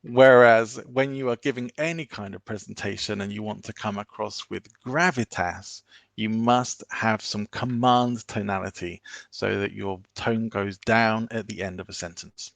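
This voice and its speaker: A man giving an online business presentation, coaching the audience in a measured, instructive way. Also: on the low side, steady tone, gravelly, a bit bright, no room sound.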